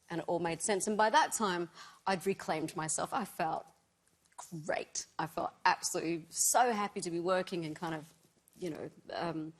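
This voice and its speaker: A woman, a singer guest on a chat show, talking in a bubbly way about her music. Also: lowish voice. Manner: bubbly, laughing.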